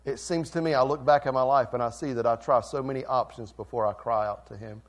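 A male pastor preaching a sermon, swinging from quiet, intimate lines to loud, fervent ones. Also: medium pitch, fairly even intonation, quick pace. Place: church sanctuary.

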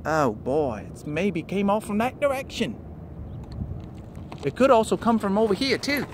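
High, lively man joking on an outdoor trail. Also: unhurried, background noise. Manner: playful, jokey running commentary. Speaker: vlogger. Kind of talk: casual outdoor chat while riding. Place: outdoors on a nature preserve trail.

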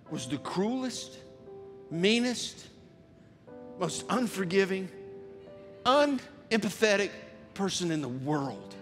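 A man preaching with a high, lively voice that swings widely in pitch. He tells his story in an animated way and breaks into shouts. The sound has the long ring of a church hall, with soft music behind. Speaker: pastor. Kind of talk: sermon with storytelling.

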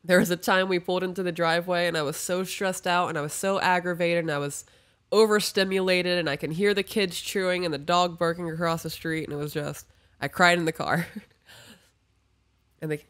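A woman co-hosting a podcast, giving casual advice and telling candid, animated stories about her own family. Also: fairly low pitch, moderate pace. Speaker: podcast co-host reading listener emails.

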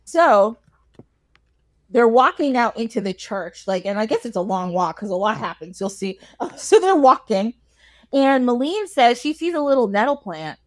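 A woman hosting a podcast tells an old fairy tale in a chatty, animated way, often breaking into laughter and acting out the characters. Her voice sits fairly high and swings widely in pitch. The sound is close and dry. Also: normal speed, no room sound. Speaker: podcast host. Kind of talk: casual storytelling chat.

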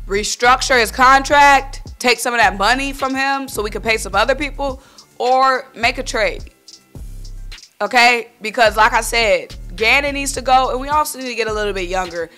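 Fired-up woman with a bright voice. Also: on the high side. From Philadelphia. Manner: animated, worked-up, blunt, speaks to viewers as y'all. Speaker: sports vlogger. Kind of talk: casual sports opinion vlog.

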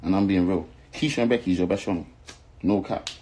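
This young London rapper, South London accent and all, delivers a furious, profanity-filled rant to camera that keeps returning to the same points and insults. His deep, warm voice runs a little fast; the recording is low quality with a little hiss or hum.

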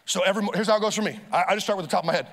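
A man preaching a sermon as pastor, energetic, with urgent appeals and calls for the congregation to respond. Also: sits high, very fast. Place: church auditorium. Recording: live sermon in a large reverberant hall with faint music.

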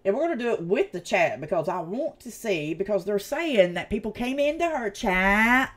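Profane Southern woman ranting, lively pitch. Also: moderate pace. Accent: Southern US, East Tennessee. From United States. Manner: blunt, profane, heated ranting. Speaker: channel host. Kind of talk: casual livestream commentary.

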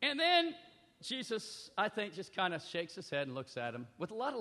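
A high-pitched, bright-toned man preaches with big swings in loudness and emphasis. He often turns to the listeners with direct questions. The sound carries a long reverb, as if in a large hall. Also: huge pitch swings, a little fast. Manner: addresses the audience directly with questions. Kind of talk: sermon with scripture reading.

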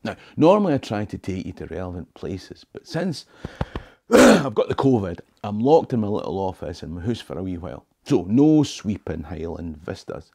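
Scottish man in his 60s, history guide, wry jokey storyteller, husky voice, small home office. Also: deep voice, very animated, normal speed, a little mellow. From Scotland. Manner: wry, joking storyteller sprinkling in Scots words. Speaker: history tour guide and channel host. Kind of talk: talking-head history video.

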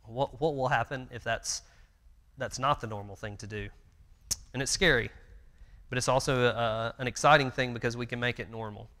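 A man's voice: mid-range voice, fairly even intonation, moderate pace, pushed and bright. A man in his thirties teaching a church Bible class, telling stories earnestly and conversationally with fillers. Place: church meeting room. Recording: long church hall reverb.

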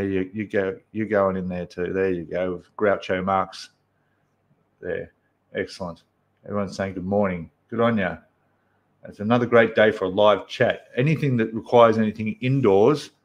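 An Australian man with a fairly low voice hosts a relaxed live-stream chat from indoors. He greets viewers one by one and rambles along, full of "um"s and "mate"s. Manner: chatty, greets viewers by name, many fillers. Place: apartment room indoors.

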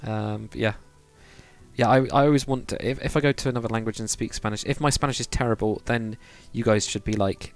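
A man's voice: on the low side, fast, soft background music. Chatty man streaming a game. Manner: rambling, laughs often, chats with viewers. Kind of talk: casual livestream chat while building in a game.

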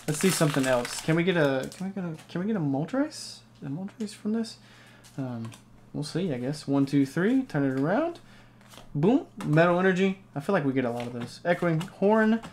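Excitable young-sounding man opening card packs. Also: fairly high pitch, slight background noise. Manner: excitable, rambling, hyped reactions. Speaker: card-opening channel host. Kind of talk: casual unboxing commentary.

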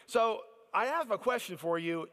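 Animated male preacher in a big hall. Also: sits high, normal speed. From United States. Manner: animated storyteller acting out others' excited voices. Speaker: conference speaker. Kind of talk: storytelling sermon.

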